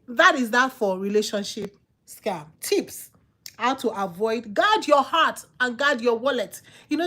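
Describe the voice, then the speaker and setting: A woman's voice: sits high, a bit bright. A woman with a Nigerian accent, hosting a channel and giving casual, emphatic advice that she repeats for effect. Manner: emphatic, repetitive, preachy. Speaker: channel host.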